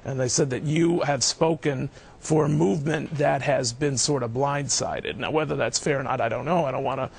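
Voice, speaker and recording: A man's voice: medium pitch, steady tone, moderate pace, vocal fry, breathy edge. A man hosting a TV interview, asking questions in a chatty, wry way and repeating words as he starts. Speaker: TV news host.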